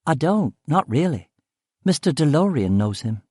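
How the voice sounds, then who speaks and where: A man's voice: on the high side, sing-song, moderate pace, mellow, slightly rough, no echo, studio quality, pitched above the performer's own voice. A male narrator voicing a cheerful young woman office worker in an audiobook, speaking in a lifted, eager tone. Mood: bright, chatty.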